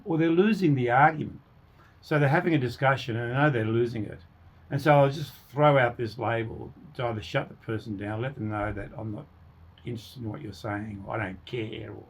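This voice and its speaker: Man, radio co-host; casual, rambling chat, acts out quoted insults. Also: mid-range voice. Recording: radio studio.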